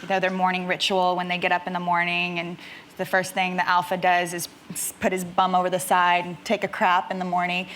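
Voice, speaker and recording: A woman's voice: lowish voice, monotone, fairly quick, a bit bright. A woman actress chatting as a talk show guest, rambling and laughing easily. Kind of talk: chat show anecdote. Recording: studio with audience and noise.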